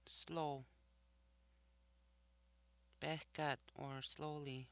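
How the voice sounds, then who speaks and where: A language teacher in a recorded vocabulary lesson, who says each word slowly twice and then explains what it means. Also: mid-range voice, level tone, fairly bright tone, no room sound. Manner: slow and deliberate, repeats each word twice; explains each word's meaning after saying it.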